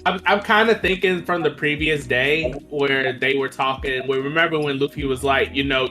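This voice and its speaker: A man's voice: mid-range voice, normal speed, hardly any pauses, pushed and bright, soft background music. A man in casual podcast chat, talking animatedly and acting out characters' lines as he goes. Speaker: podcast panelist.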